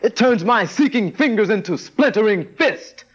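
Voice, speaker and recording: A man's voice: high-pitched, lively intonation, normal speed. A man reciting spoken word poetry with a dramatic delivery that swells and drops. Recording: dull lo-fi vintage recording.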